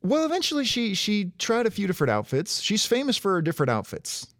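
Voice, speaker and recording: A man's voice: high voice, huge pitch swings, fast, a bit bright, no room sound, clean studio sound. A young adult man co-hosting a casual podcast, explaining trivia with wry asides. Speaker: podcast co-host. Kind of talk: casual chat.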